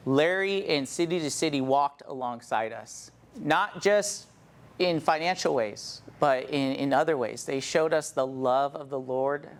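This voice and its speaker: A man's voice: on the high side, unhurried. A man in his thirties, a church planter, telling a heartfelt personal testimony in an earnest storytelling manner.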